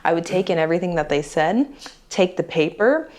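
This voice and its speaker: A woman from the United States talking casually to her viewers, chatty and animated, acting out the voices of people in her story. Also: on the low side, brisk, slight background noise. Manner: chatty, animated, acts out quoted dialogue. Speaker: vlogger.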